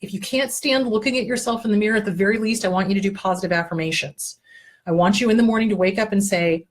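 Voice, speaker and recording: A woman with a husky, slightly breathy voice talks straight to her listeners as a therapist hosting her own show. She coaches them patiently through exercises, then drops in swear words and earthy asides. The delivery is plain and unpolished. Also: medium pitch, quick pace. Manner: blunt, earthy and profane, with lively asides. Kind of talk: casual self-help advice talk.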